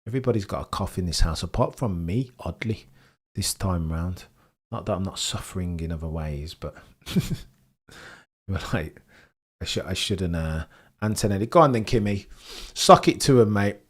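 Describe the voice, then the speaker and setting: Male streamer, lowish voice, chatty live commentary, bursts of excitement. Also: moderate pace, breathy edge. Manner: chatty, excitable, talks to chat by name. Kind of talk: casual live commentary reacting to timing.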